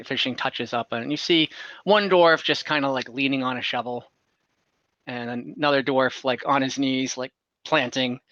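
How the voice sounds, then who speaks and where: A man's voice: mid-range voice, sharp tone, no room sound, muffled recording. A man acting as dungeon master, describing a town at length with many fillers and restarts. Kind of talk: narrating an online tabletop game. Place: online call from home.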